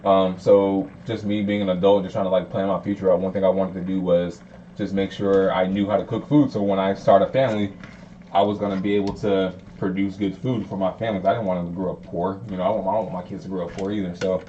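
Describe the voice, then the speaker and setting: A man's voice: deep voice, flat delivery, dark tone, muffled recording, slight background noise. A young man from the US South, a cook chatting casually and swearing freely as he explains his cooking. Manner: rapid, profane, laid-back. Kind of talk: casual chat while cooking. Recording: distant mic with faint room ambience.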